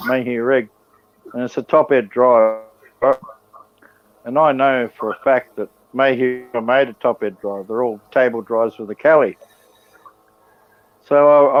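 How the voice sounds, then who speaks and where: A man's voice: mid-range voice, dull audio. A man with an Australian accent telling stories casually in colloquial talk. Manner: yarn-spinning, colloquial. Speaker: livestream guest. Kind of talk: casual storytelling.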